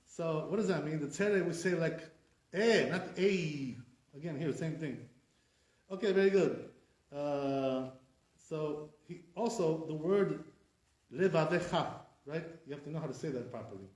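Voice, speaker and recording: In a classroom lesson, a man teaching as a rabbi corrects pronunciation and drills words using rhetorical questions. His voice is on the high side with a darkish tone at a moderate pace, and the room sounds echoey.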